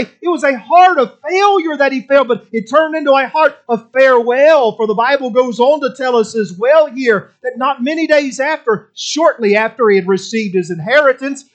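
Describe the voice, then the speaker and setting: A man's voice: very high-pitched, fairly bright tone. A middle-aged man preaching a sermon with impassioned, repetitive emphasis.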